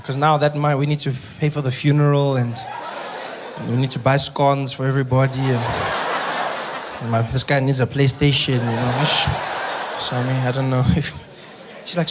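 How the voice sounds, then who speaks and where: A man doing stand-up storytelling, animated and exasperated, often launching into loud rants. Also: medium pitch, moderate pace, background noise. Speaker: stand-up comedian.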